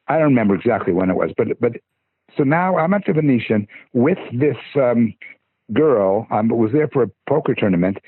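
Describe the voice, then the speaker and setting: Raspy older man on a tinny line. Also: medium pitch, no echo. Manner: rambling, stammering with many restarts. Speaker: podcast guest. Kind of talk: casual storytelling. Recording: husky voice over tinny phone-like line.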